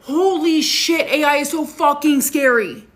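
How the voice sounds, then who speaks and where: Hungover young woman ranting, cussing a lot, higher voice, storytime vibe. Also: unhurried. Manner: heavy swearing, animated storytelling. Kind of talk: casual storytime vlog.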